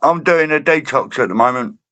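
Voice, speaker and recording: A man's voice: medium pitch, fairly quick, pushed and bright, no room sound, lo-fi sound. A man joining a casual online chat as a guest, full of jokes and banter. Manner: jokey, banter-heavy.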